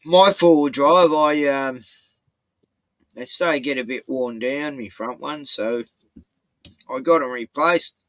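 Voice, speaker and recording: A man with an Australian accent spins relaxed stories in an easy, swearing chat. His voice is bright and forceful, and the sound is dry and close to the mic. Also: medium pitch, takes it slowly, long pauses, no echo, low-quality recording. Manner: laid-back storytelling with swearing. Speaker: show host. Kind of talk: casual chat.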